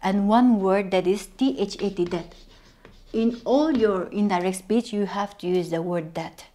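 A woman with a Naga English accent teaching a recorded grammar lesson, stressing points by repeating words and slowing down over examples. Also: mid-range voice, dark tone.

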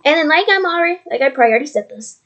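Woman, high voice, earnest rambling vlog talk, muffled lo-fi computer mic. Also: lively intonation, racing, fairly bright tone. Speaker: vlogger. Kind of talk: casual faith testimony vlog. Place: at home.

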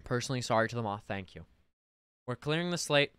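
A young man streaming a game live, ranting at his chat in melodramatic mock outrage, then dropping to quiet muttering. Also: mid-range voice, expressive, fast talker, clean tone, no echo, studio quality. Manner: melodramatic mock outrage, swinging between loud rants and muttering.

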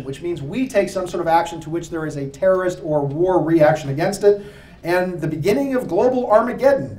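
A man giving an animated, jokey, preacher-like talk to a live audience. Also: high voice, far from the mic. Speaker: speaker giving a lecture. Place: room with an audience. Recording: echoey room, voice picked up from afar.

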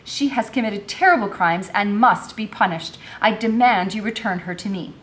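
A woman's voice: medium pitch, very animated, normal speed, fairly bright tone, voice pushed up. A woman reading a novel aloud, voicing a haughty, demanding wealthy mistress. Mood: imperious. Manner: imperious, demanding.

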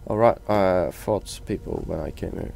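A man's voice: deep voice, moderate pace, gravelly, a little mellow, a little hiss or hum. A man with a Norwegian accent, giving casual gameplay commentary and joking at the game characters, swearing now and then. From Norway. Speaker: let's play commentator.

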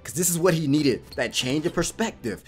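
A man giving excitable, casual reaction commentary while watching an anime, cheering and laughing often. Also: a little high, fairly quick.

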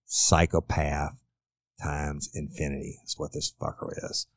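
In an unhurried, flat delivery, a middle-aged man with a very deep voice tells a true crime story with no room sound. A former detective and now podcast host, he goes over a crime case bluntly, casually and profanely.

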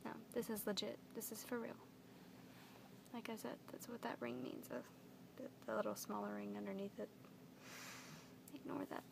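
A young woman vlogging to camera, gushing and emotional as she repeats her words, with a creaky voice. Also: medium pitch, little pitch movement, normal speed, background noise. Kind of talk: earnest direct-to-camera vlog.

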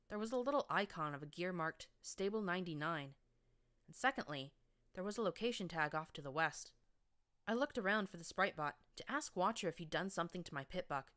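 A woman narrates a fan fiction audiobook in the first person. Her voice sits deep for a woman, and she keeps a wry, sardonic edge. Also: fairly bright tone.

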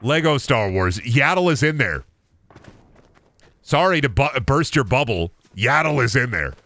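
A man's voice: mid-range voice, fairly bright tone. Swearing streamer ranting over his game. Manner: profane, mocking rants at chat and opponents; rambling, self-interrupting. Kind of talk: live gaming commentary.

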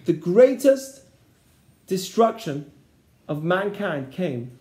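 A rabbi with a high voice leads a lesson. He keeps checking whether the class is following him, and his voice echoes around a roomy space. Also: sing-song, slow, darkish tone. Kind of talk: interactive Torah lesson. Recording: echoey room.

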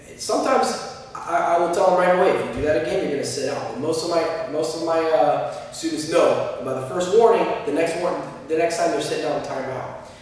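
A male martial arts instructor explaining class methods in a practical way, acting out short examples as he teaches. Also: a little high. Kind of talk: instructional talk. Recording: echoey room, distant mic.

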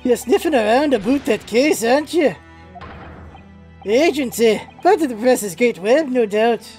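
A woman doing a gruff Scottish prison governor. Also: on the high side, animated, moderate pace, darkish tone, faint music behind, natural voice. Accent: Scottish, put on. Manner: brusque, threatening.

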